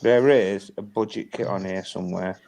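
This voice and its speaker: A man's voice: on the low side, fairly even intonation, moderate pace, vocal fry, a little mellow. Playful man on headphones. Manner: playful, calls others "mate" and "dude". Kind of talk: casual chat. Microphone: headphones on a video call.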